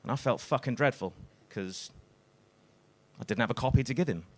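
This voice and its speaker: A man doing a stand-up comedy routine on a club stage, telling deadpan self-deprecating stories full of swearing. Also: medium pitch, moderate pace, background noise.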